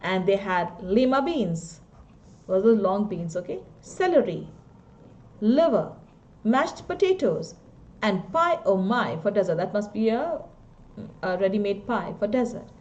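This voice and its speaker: A woman's voice: mid-range voice, lively intonation, measured pace, a little mellow, lo-fi sound. A woman teacher with an Indian English accent, reading a story aloud and stopping to explain its words.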